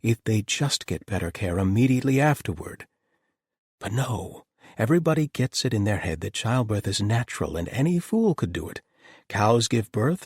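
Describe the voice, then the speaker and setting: A man's voice: fairly low pitch, husky, no room sound, studio quality, pitched above the performer's own voice. A man voicing a blunt, exasperated male doctor who talks frankly and rants.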